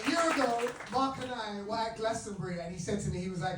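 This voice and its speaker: A man from England doing a live stand-up set, excitable and laughing often as he works the crowd. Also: high voice, quick pace, a little hiss or hum. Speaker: stand-up comedian. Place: comedy club stage. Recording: roomy club recording from a distance, with loud crowd. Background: loud laughing audience.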